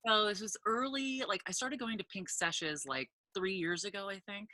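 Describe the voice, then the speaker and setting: A woman telling a funny story in a casual chat, animated and loud when she acts out quotes, swearing freely. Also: medium pitch, moderate pace, no room sound. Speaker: podcast guest, cannabis entrepreneur.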